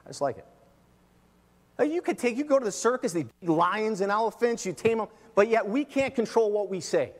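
A middle-aged man preaching a sermon as pastor, emphatic, swinging between loud and soft. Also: high-pitched, lively intonation, brisk, big-room sound. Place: church.

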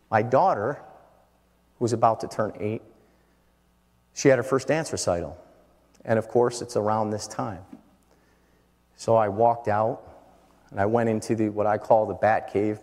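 A middle-aged man preaching a sermon, dropping to quiet storytelling and then rising to loud, shouted declarations. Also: lowish voice, fairly even intonation, moderate pace, pauses often. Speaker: pastor. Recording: long hall reverb.

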